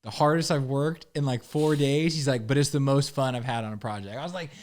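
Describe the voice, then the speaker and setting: A young man talks easily as a podcast guest, in an ordinary middle pitch. He is laid-back and loose, leaning on "like" and "bro" and putting on little voices for the people he quotes. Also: fairly even intonation, a little fast, darkish tone. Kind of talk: casual chat.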